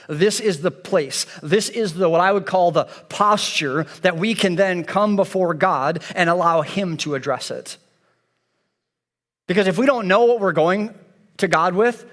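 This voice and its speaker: A man preaches a sermon from the church stage, his voice sitting fairly high. He speaks with an earnest, repetitive cadence. The sound carries a long reverb from the church hall. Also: a bit bright. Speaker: pastor. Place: church sanctuary.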